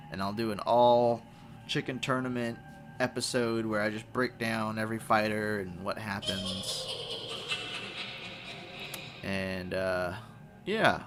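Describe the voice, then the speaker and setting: A man hosting a solo podcast alone in a room, rambling and swearing, with many fillers and restarts. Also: fairly low pitch. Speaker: podcast host. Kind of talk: casual solo podcast rant.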